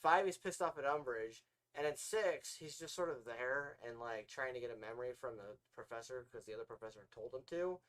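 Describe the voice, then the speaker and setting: A man co-hosting a podcast in casual, animated chat with quick asides and frequent laughter. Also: medium pitch. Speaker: podcast co-host.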